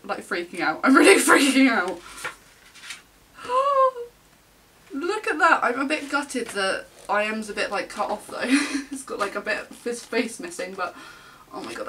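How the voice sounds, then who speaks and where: Gushing young woman, bright voice. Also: mid-range voice, distant mic, a little hiss or hum. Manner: gushing, gasping, breathless fangirl excitement. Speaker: vlogger. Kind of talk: excited album unboxing.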